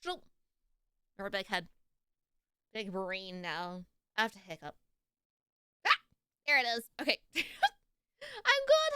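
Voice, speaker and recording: Bubbly young woman streamer, bright voice. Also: medium pitch, unhurried, long pauses, smooth, no room sound, clean studio sound. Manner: bubbly, giggly, greets chatters excitedly. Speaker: streamer reacting to videos. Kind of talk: casual live-stream chat.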